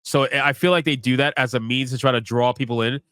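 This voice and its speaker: A man's voice: medium pitch, fairly even intonation, fast talker, a bit bright, no echo, studio quality. A man reacting live on stream to a video, with crude, sarcastic and mocking commentary.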